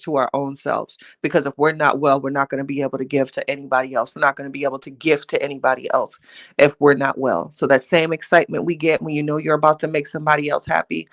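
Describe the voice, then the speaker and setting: A woman's voice: low-pitched, level tone, quick pace. An older woman hosting a casual motivational livestream, chatty and playful, laughing often and talking straight to her viewers. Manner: playful, teasing, self-mocking. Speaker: livestream host.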